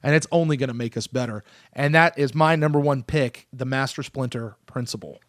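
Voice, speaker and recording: A man's voice: mid-range voice, brisk, no echo. Guy in his 30s hosting a sports podcast, gets fired up, stumbles and restarts, dry close sound. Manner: excitable, animated, self-interrupting. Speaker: podcast host. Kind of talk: casual sports podcast chat.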